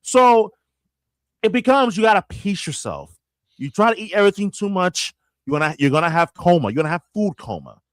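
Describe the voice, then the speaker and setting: A man in casual sports talk, animated and often restarting his sentences with stammered repeats. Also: high-pitched, a little fast, no echo, studio quality. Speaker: radio host guest.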